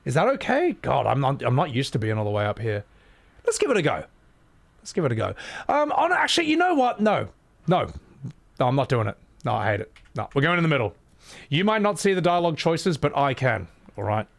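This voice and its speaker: A man's voice: medium pitch, huge pitch swings, brisk, gravelly. A young man giving chatty, swearing let's-play commentary while talking to his chat. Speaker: streamer. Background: game music.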